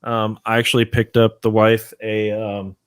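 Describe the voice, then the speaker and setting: A man's voice: lowish voice, flat delivery, normal speed, smooth, dry recording, studio quality. A young adult man from Texas, hosting a casual chat and rambling loosely with lots of fillers. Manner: laid-back, rambling, many fillers. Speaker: host.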